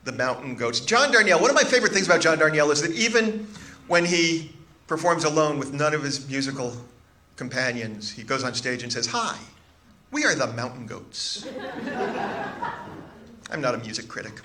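A man telling a comic story live with a dry, deadpan delivery, in a noisy recording. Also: on the high side, a little fast, pauses often. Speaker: comedic storyteller.

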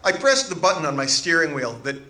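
Deadpan man telling a comic story. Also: on the high side, brisk. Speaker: comedic storyteller. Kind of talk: live comedic storytelling.

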